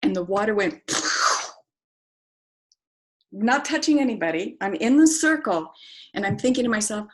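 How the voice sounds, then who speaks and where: A woman's voice: medium pitch, expressive, a little fast, poor audio. A middle-aged woman guest, talking as she tells a story and acting out her own reactions. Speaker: interview guest. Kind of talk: conversational storytelling.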